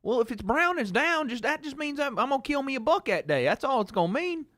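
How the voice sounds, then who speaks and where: A man's voice: very high-pitched, big pitch swings, fast, fairly bright tone, no echo, studio quality, pitched above the performer's own voice, heavily acted. A man imitating his older Southern father, who talks in an indignant, drawling, folksy way. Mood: boastful.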